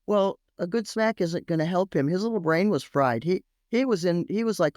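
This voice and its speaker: Animated woman telling a parenting story. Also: on the low side, normal speed, few pauses, no room sound, studio quality. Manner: animated, emphatic, repeats phrases for effect. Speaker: parenting expert guest. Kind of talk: storytelling podcast interview.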